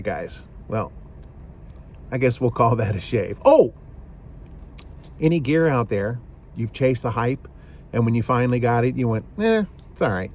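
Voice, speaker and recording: A man's voice: medium pitch, darkish tone. Rambling man talking to camera. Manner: rambling, repeats himself, frequent "you know". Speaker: shaving video host. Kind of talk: casual talk to camera.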